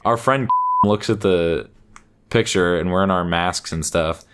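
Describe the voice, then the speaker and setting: A man's voice: sits low, measured pace, noisy background. A young man co-hosting a podcast, telling a rambling story in casual chat, trailing off, restarting and swearing casually. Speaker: podcast co-host.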